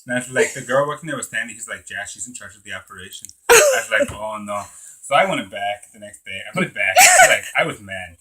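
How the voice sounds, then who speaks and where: A rambling young Tijuana man voiced by a man in a put-on act tells a comic tale in a heavy Mexican accent. He rushes and loses his thread. His tone is bright, with a husky edge. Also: fairly low pitch, huge pitch swings, heavily acted. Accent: put-on Mexican Spanish accent. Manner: meandering, flustered storytelling. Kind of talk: improvised comic storytelling.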